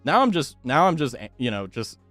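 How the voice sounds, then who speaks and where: A man's voice: fairly high pitch, big pitch swings, moderate pace, a bit bright, no room sound, faint music behind. A male streamer chatting casually with viewers, swearing freely and laughing often.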